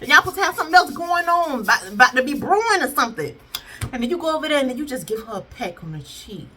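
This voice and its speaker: Against a noisy background, a woman reviewing a TV series chats through an episode recap in a high voice at a quick pace. She's animated, playfully voicing the characters in asides and acting out what she'd say to them.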